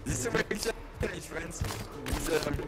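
High player, halting English. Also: male voice, loud music behind the voice. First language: French. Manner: halting, searching for English words. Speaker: other player. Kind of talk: casual game chat.

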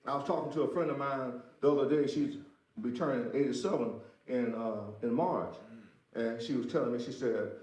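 A man's voice: mid-range voice, moderate pace, darkish tone. A man preaching a sermon as pastor, emphatic, repeating his phrases and speaking straight to the congregation. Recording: roomy echo.

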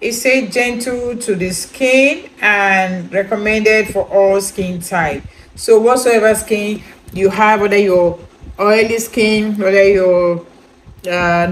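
A woman's voice: medium pitch, slight background noise, rough recording. Woman vlogging a skincare review, talks loose and rambly, keeps asking do you understand. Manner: chatty, rambling, with many repeated "you know" fillers; addresses viewers directly, asks if they understand. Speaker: beauty product reviewer. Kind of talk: casual product review vlog.

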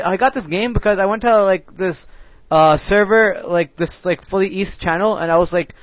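A man's voice: high voice, normal speed, dry recording. A young man giving profane, ranting commentary over his own match, full of filler words. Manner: ranting, crude, heavy use of filler words. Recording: dull dry lo-fi mic.

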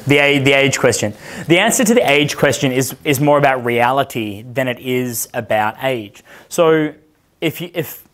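A man's voice: medium pitch, normal speed, fairly bright tone. A man in his thirties, a dating coach, giving a casual seminar talk and answering audience questions in a brash, profane, storytelling way. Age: 30s.

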